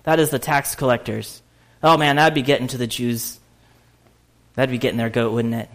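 A man preaching a conversational sermon, full of fillers and restarts, with sudden loud, laughing bursts. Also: medium pitch, fairly even intonation, normal speed. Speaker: pastor.

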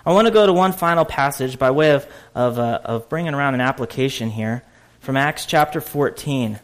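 A man preaching a conversational sermon, full of fillers and restarts, with sudden loud, laughing bursts. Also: mid-range voice, fairly quick. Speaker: pastor.

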